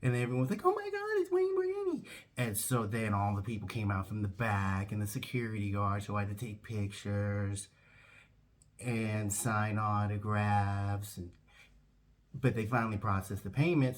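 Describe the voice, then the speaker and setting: A man telling a comic anecdote who acts out every voice in an animated way. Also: fairly low pitch. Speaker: comedic storyteller.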